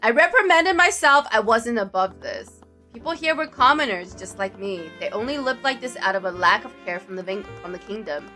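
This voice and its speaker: A woman streamer narrating a visual novel with playful, jokey, excitable asides. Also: on the high side, normal speed, faint music behind. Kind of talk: playful game commentary and narration.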